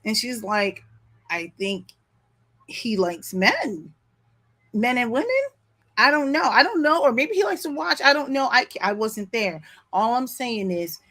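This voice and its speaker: A commentary vlogger with a fairly high pitch recounts a long story from her home, close to her back window, in a rough recording. Her telling is casual and digressive, peppered with asides and apologies, and she's animated and laughing.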